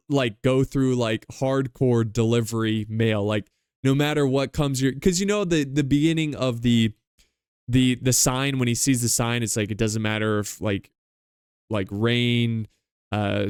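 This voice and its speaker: Man, podcast host, casual rambling book recap, smooth clear voice, dry close sound. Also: mid-range voice, no echo. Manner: loose, rambling retelling with many fillers.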